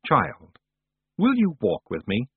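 Man doing a cold ancient winter spirit, calm and grand, husky voice, tinny dry sound. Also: medium pitch, slow, no echo, full character voice. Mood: gentle.

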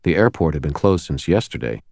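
A man's voice: extremely low pitch, very animated, brisk, darkish tone, no room sound. A man narrating an audiobook in the first person, with a dry storytelling manner. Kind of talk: scripted narration.

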